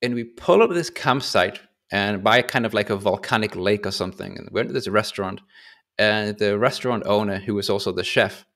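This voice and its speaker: A man hosting a casual podcast chat, telling a story in an animated, chatty way. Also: lowish voice. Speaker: podcast host.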